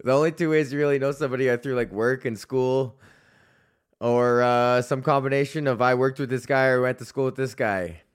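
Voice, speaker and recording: A man's voice: medium pitch, fairly even intonation, a little fast, clean tone. A man hosting his own podcast, ranting solo in a profane, rambling way that keeps interrupting itself. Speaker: podcast host. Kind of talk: solo comedic rant.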